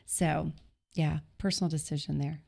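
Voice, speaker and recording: A woman's voice: sits low, steady tone, moderate pace, gravelly, darkish tone. A woman hosting a live online Q&A, speaking with enthusiastic, coaching energy. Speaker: host and event organizer. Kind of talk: live online Q&A, motivational pitch.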